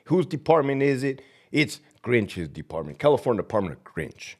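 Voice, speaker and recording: Lively-voiced man ranting profanely. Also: mid-range voice, moderate pace. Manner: rambling, profane, heated. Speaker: former prison lieutenant, channel host. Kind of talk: profane ranting vlog with viewer shout-outs.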